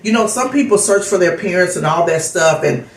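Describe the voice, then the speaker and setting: A woman's voice: lowish voice, lively intonation, brisk, roomy sound, poor audio. A middle-aged woman vlogger chatting candidly and telling a personal story in a casual way. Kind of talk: casual chat vlog.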